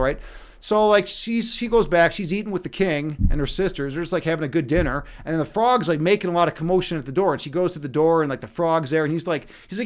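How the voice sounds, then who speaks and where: A man with a notably high voice, hosting a live stream in a loose, rambling way. He swears a lot and keeps tossing "right?" to his viewers. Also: quick pace. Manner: rambling, profane, often asks "right?". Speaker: streamer, chess instructor and meditation guide. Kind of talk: casual live-stream chat.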